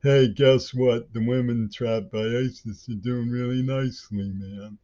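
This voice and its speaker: A man impersonating a naive, spacey male musician with a dopey, drawling high voice. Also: steady tone, unhurried, dark tone, natural voice. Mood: dopey gushing. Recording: dull lo-fi audio.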